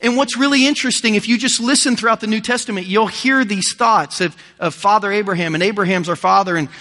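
A man's voice: sits high, fast talker, pushed and bright, in a large hall. A man with a Midwestern American accent, preaching a sermon as pastor in an earnest, emphatic way with repeated phrases. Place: church auditorium.

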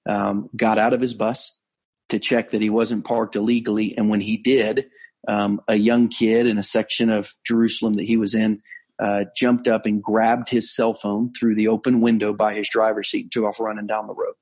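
A man, a pastor, telling a story in a conversational sermon, earnest, slowing down to stress key points. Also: fairly low pitch, little pitch movement, a little mellow, husky. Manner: earnest storytelling, frequent restarts and slowed emphasis. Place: on location abroad.

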